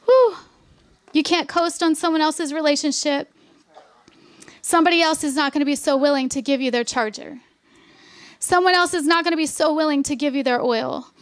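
A woman pastor preaching a revival sermon, with fervent, repeated declarations that drop into soft, conversational asides. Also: high-pitched, no room sound.

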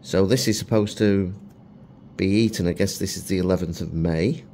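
A man's voice: sits low, moderate pace, warm tone, slight background noise. A middle-aged man reviewing food for his vlog in a chatty, self-mocking way with chuckles. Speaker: food vlogger.

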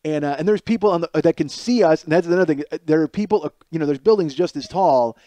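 A man in his forties, hosting a podcast, telling a comic story in a rambling, animated way with many restarts and acted-out quotes. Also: fairly high pitch, fast, no room sound. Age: 40s. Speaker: podcast host. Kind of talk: comedic storytelling monologue. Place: home kitchen.

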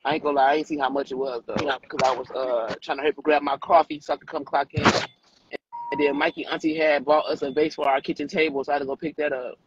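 A woman's voice: sits low, steady tone, quick pace, dull audio, background noise. A woman from Detroit chatting on a phone live stream while driving, brash and profane, teasing the others. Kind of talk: casual chat while driving. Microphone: phone in car.

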